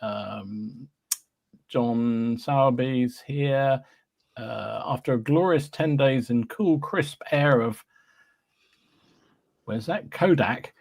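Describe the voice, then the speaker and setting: Slow and creaky, with a darkish medium-pitched voice and long pauses, a man hosts a live podcast in a dry recording. He greets listeners individually in easygoing live-stream chat, reading their names and sprinkling in fillers and small hums.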